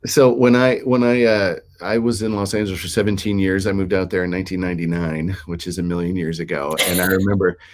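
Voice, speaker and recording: A man's voice: low-pitched, flat delivery, fast talker, hardly any pauses, background noise. A middle-aged man from Minnesota hosting a talk show, chatting casually with a guest and often restarting his sentences. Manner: rambling, with many restarts and fillers. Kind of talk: casual interview chat.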